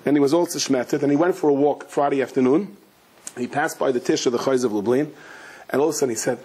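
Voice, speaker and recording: A man, a rabbi, giving an animated Torah lecture full of storytelling and Hebrew and Yiddish terms. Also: fast talker, slight background noise. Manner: acts out the characters in a story with sudden high, shouting outbursts; sprinkles Hebrew and Yiddish terms into his English.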